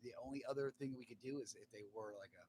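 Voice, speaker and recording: A man from Delaware co-hosting a casual live chat, excitable and quick to laugh. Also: medium pitch, a little hiss or hum. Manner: excitable, laughing, loud outbursts. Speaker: podcast co-host.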